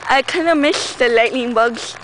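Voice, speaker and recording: A woman's voice: on the high side, normal speed. A teenage girl goofing around with a friend outdoors at night, hyper and giggly, slipping into sing-song bits. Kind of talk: goofy casual chat with a friend. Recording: noisy outdoor home video.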